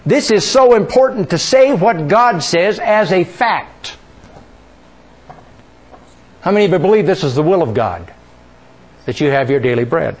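Lively, high-voiced male preacher. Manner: asks the congregation questions, leads them in reciting. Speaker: pastor. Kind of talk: sermon.

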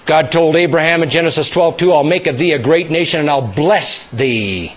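A man preaching a sermon, emphatic and rising to near-shouts, leading call-and-response with his congregation. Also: fairly high pitch, normal speed.

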